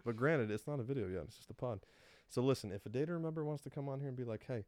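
A man's voice: medium pitch, very fast, darkish tone, no echo. A young man co-hosting a podcast in casual chat, rambling with lots of fillers and frequent laughs. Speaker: podcast co-host.

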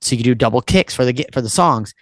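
A man's voice: medium pitch, expressive, fast talker, a little hiss or hum. A man in his thirties, a musician and podcast guest, talking in a rambling, casual way with lots of "like" and frequent swearing. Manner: rambling, swears often, fills with "like".

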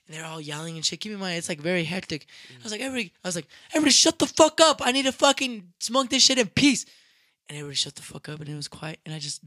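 High-voiced young man telling a wild story. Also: no echo. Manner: animated, profane, acts out quotes loudly. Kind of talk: casual storytelling chat.

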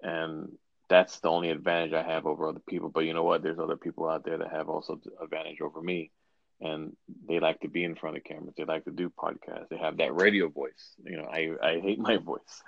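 A man's voice: rumbling low, little pitch movement, a little fast, gravelly, no room sound, highs cut off. A man hosting a casual podcast chat, rambling with frequent restarts. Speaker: podcast host.

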